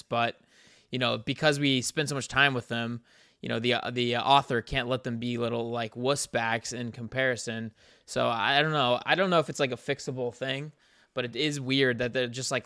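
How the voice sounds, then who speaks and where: A man chatting casually about anime on a podcast, rambling and animated and laughing often. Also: mid-range voice, smooth, dry recording, clean studio sound. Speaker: podcast co-host.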